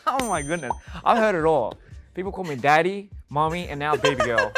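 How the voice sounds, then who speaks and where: A man's voice: on the high side, lively intonation, moderate pace, over loud music. A man reading fan tweets aloud and reacting to them, amused and playful and laughing often.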